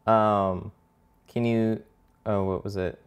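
A lowish, level male voice with a clear, resonant tone, taking his time. He installs window tint on the go and chats on a live stream as he works, a bit profane and distracted while looking for his tools.

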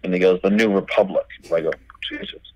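A man's voice: sits low, fast talker, dull audio. A middle-aged man, a record label owner, telling stories as a podcast guest, acting out dialogue and swearing freely. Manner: animated, acts out quoted dialogue, swears freely. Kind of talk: casual storytelling interview.

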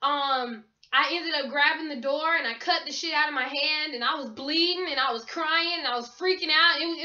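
A woman's voice: high voice, pushed and bright. A young woman telling a story to camera in a vlog, emphatic and swearing freely. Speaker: vlogger. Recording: roomy, dull lo-fi sound.

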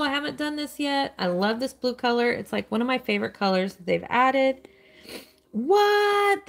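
A woman's voice: on the high side, vocal fry. Upbeat chatty woman live-streaming a game. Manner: chatty and upbeat, answering viewers' chat questions. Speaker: live-stream host playing a mobile game. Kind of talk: casual live-stream commentary.

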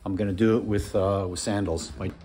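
A man's voice: lowish voice, steady tone, brisk, warm tone, slight background noise. Chatty man vlogging from his garage. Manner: rambling, friendly and chatty. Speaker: motorcycle vlogger. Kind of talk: casual vlog chat. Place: home garage.

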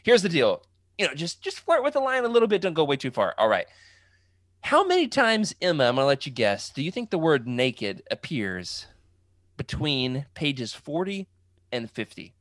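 A man's voice: a little high, wildly swooping pitch, normal speed, fairly bright tone, no echo. A man hosting a casual livestream podcast, joking around and reading out comments from the chat. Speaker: podcast host.

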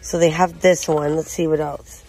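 A woman's voice: deep voice, little pitch movement, moderate pace, dark tone, faint music behind. A woman narrating a casual shopping walkthrough, chatting as she reads out prices and product labels. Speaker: shopping vlogger. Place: inside a large retail store.

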